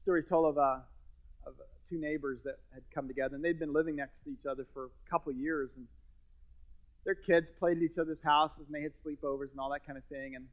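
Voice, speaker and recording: A man's voice: a little high, rough recording. A middle-aged man preaching a sermon as pastor, conversational with self-deprecating humor and frequent restarts. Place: church sanctuary.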